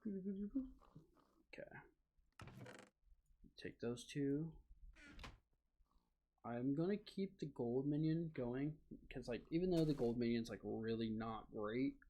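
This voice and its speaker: A man's voice: medium pitch, measured pace, mellow. A young man streaming a video game, chatting casually and rambling with lots of fillers and self-deprecating asides. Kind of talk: casual gaming livestream chat.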